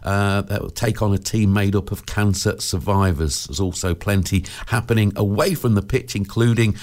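A man's voice: fairly low pitch, moderate pace, a little mellow. A man presenting local radio, chatting casually with plenty of fillers and restarts.

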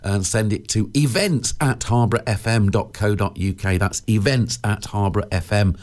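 A man's voice: on the low side, moderate pace, a little mellow. A man presenting local radio, chatting casually with plenty of fillers and restarts.

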